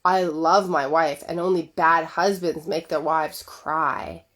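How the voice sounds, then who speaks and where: A defensive, earnest husband, as a woman coach puts him on, speaking slowly and a little lower than her own voice. He sounds self-justifying and sincere, and the delivery stays measured. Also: fairly even intonation, a bit bright, full character voice.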